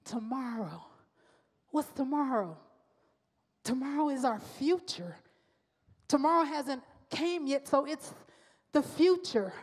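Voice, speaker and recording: Woman preacher, high and unhurried, personal and repetitive sermon style, long hall reverb. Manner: personal, conversational preaching with slow emphatic repetition. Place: church sanctuary.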